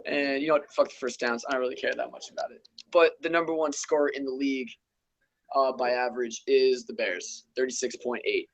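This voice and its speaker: A man's voice: medium pitch, steady tone, a little fast, slight background noise, rough recording. A young man hosting a casual podcast, loosely running through football rankings and stats with profanity and offhand asides. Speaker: podcast host. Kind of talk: casual sports gaming chat.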